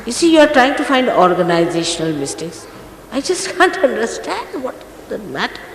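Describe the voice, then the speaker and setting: A woman's voice: on the high side, sing-song, normal speed. A woman spiritual teacher giving a stern, scolding talk to her followers, recorded in a large hall. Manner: stern and admonishing, emphatic. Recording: echoey archive recording from a hall, faint noise.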